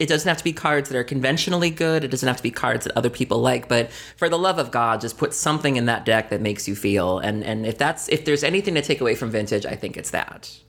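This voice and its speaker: Lady podcast cohost, chatty and excited, laughs a lot. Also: rumbling low. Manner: enthusiastic, laughs often, animated. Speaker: podcast co-host. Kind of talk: casual chat.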